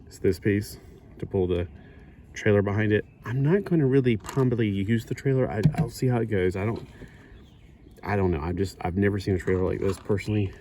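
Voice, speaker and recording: Low-voiced rambling man chatting while building. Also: mellow, a little hiss or hum. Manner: rambling, self-correcting, chuckling asides. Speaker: hobby builder. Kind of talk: casual build-along chat.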